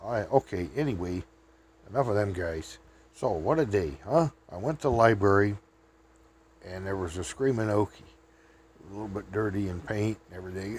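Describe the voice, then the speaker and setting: A man's voice: lowish voice, moderate pace, darkish tone, a little hiss or hum. A man telling meandering anecdotes in a chatty, casual way. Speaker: vlogger. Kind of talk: rambling storytelling.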